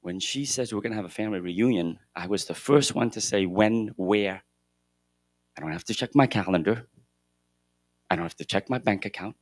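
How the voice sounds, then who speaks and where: A middle-aged man giving a motivational keynote at a conference, shifting between loud emphasis and hushed moments. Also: on the low side, dry recording, clean studio sound. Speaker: keynote speaker at a real estate conference. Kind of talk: motivational storytelling speech. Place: conference hall stage.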